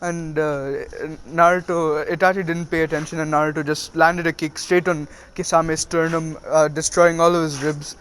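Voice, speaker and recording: A man casually retelling a fan story. His fairly high voice halts often on fillers as he goes. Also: flat delivery, a bit bright, clean tone. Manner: halting, many fillers.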